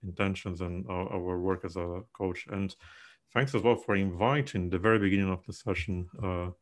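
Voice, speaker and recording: A man's voice: low voice, fairly even intonation, moderate pace. A man taking part in a webinar, giving feedback hesitantly with many fillers. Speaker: workshop participant. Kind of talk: giving feedback on a video call.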